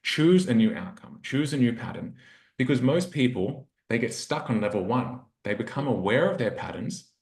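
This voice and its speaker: A man who works as a relationship coach tells a personal story in a podcast interview, earnest and reflective, acting out his inner dialogue. His medium-pitched voice has lively intonation and a darkish tone at a moderate pace. The recording has a roomy echo.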